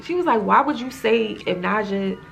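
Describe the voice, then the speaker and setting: A woman's voice: mid-range voice, expressive, moderate pace, vocal fry, fairly bright tone, soft background music. A woman casually recapping a TV episode, retelling scenes in a loose, chatty way full of "like" fillers. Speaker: TV recap reviewer.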